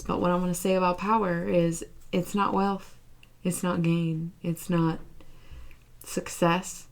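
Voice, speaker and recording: A woman with a low, gravelly voice reads tarot cards in a loose, conversational way. She keeps checking in with the listener and slows right down when she is pressing a point home. She sounds relaxed and personal, as if talking straight to one viewer. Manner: chatty, repeats "okay?" and "right?" to the viewer; slow, emphatic encouragement. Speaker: tarot reader. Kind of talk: casual tarot reading.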